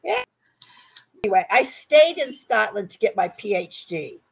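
A woman's voice: mid-range voice, big pitch swings, moderate pace, vocal fry, husky, rough recording. A woman in her sixties from Virginia, with an American accent, chatting as an English tutor on a video call and often repeating words as she starts. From Virginia, United States. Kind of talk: casual conversation lesson.

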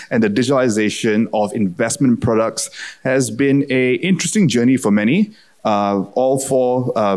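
A man's voice: on the low side, a little mellow. A man moderating a conference panel, polished and upbeat with a few fillers.

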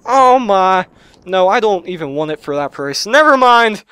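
A young man narrates a video game in a high, bright voice that leaps all over the place. He chatters casually, then breaks into loud yelps and shouts at the game. The audio sounds a little lo-fi. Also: lively intonation, unhurried, clear, resonant tone, no room sound. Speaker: let's play gamer. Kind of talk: excitable gameplay commentary. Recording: lo-fi restored audio.

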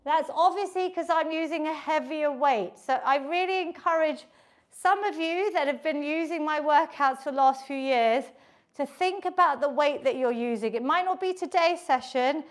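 A middle-aged woman, leading a home workout, counting reps and calmly coaching form. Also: sits high, moderate pace. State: out of breath at times. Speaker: fitness instructor. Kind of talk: live workout instruction.

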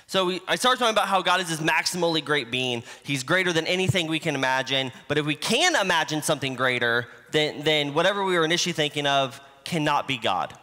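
A man's voice: on the high side, animated, quick pace, hardly any pauses, bright, forceful tone. A man preaching a sermon in a church, teaching in a conversational way with homespun examples. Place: church sanctuary. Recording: livestream in a reverberant church hall.

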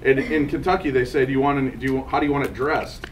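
A man's voice: mid-range voice, quick pace. A man telling funny stories to a live audience, joking and laughing often, his voice a little raw. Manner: jokey, animated, laughing often. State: slightly raw voice. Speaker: convention speaker. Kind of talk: storytelling to a live crowd. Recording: distant mic in a noisy crowded hall.

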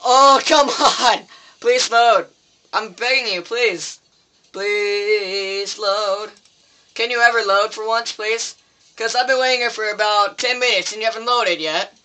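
A man's voice: sits high, unhurried, pushed and bright, a little hiss or hum. A teenage boy commenting on his own gameplay, swearing and pleading with the game in frustration. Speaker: gameplay video maker.

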